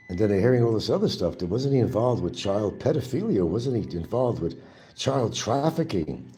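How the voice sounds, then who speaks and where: A man's voice: low voice, animated, brisk, mellow. A man hosting his own show, delivering an angry, profane and mocking monologue. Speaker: livestream host. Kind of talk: ranting political monologue.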